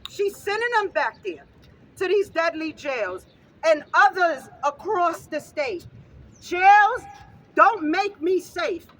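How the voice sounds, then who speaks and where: Woman shouting a protest speech outdoors, really high voice, fired up and repeating herself. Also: animated, takes it slowly, low-quality recording. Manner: fervent, raises voice to a shout, repeats phrases. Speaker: rally speaker, grieving mother.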